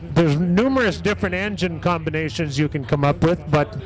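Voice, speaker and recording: A man's voice: a little high, moderate pace, rough recording. A man announcing a race live, chatty and full of praise for the winner.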